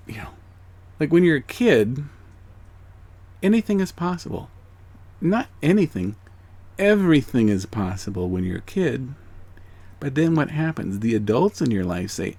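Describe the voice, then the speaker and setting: A man delivering a spiritual reading straight to his viewers, his pitch swinging widely from phrase to phrase. He talks in an earnest, encouraging way, repeating himself for emphasis. He sinks into soft, hushed passages and then lifts into excited stresses. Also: normal speed, no room sound. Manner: repeats phrases and checks in with "okay?". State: emotional. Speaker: angel card reader.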